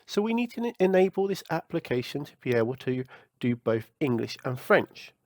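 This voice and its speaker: A man hosting a tech tutorial, explaining step by step in a clear, instructive manner. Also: medium pitch, big pitch swings, fairly quick, darkish tone, no echo. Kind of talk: software tutorial walkthrough.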